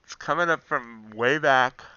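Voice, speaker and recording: A man talking through his trades on a live stream, his voice bright and smooth. He chats in a relaxed way, thinking aloud and answering viewers. The sound is dry and a little dull, close to the mic. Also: mid-range voice, a little slow, no room sound. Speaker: livestreaming futures trader. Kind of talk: casual live-stream commentary.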